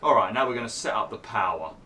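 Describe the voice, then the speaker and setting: A man hosting a gaming channel, explaining a park-building game step by step with lots of fillers while his voice is going hoarse. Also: fairly low pitch, animated, quick pace, bright, forceful tone, slight background noise. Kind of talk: casual gameplay commentary.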